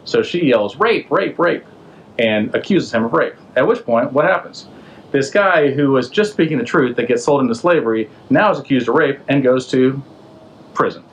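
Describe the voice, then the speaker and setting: A man's voice: medium pitch, animated, moderate pace, lo-fi sound. A man hosting a podcast, retelling an old story in a casual, slangy way and throwing in rhetorical questions. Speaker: podcast host.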